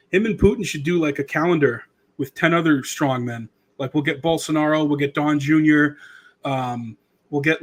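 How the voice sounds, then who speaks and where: A man's voice: a little high, fairly bright tone. A man in his thirties hosting a podcast, rambling in casual political commentary with a sarcastic edge. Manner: rambling, sarcastic, does mocking impressions. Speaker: podcast host.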